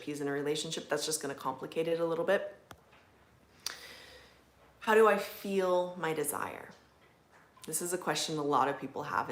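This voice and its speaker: A woman's voice: fairly low pitch, echoey room. Chatty woman hosting a home livestream. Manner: relaxed and chatty, with many "like"s and soft laughs. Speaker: livestream host, manifestation coach. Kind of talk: casual live-stream chat reading viewer comments. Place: indoors at home.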